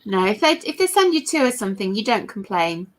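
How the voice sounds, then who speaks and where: A woman in casual chat with friends, expressive and quick to exclaim and laugh. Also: mid-range voice.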